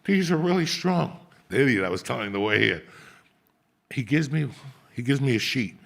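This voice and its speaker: Gravelly, husky man telling profane stories. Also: lowish voice, a little fast, a bit bright. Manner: profane, rambling street-style storytelling. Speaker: podcast host. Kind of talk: casual storytelling chat.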